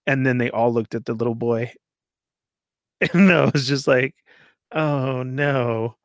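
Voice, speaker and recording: A man's voice: medium pitch, moderate pace, vocal fry, no room sound, studio quality. A man casually telling a long story, laughing often and acting out what people said. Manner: animated, laughs often, acts out quoted voices.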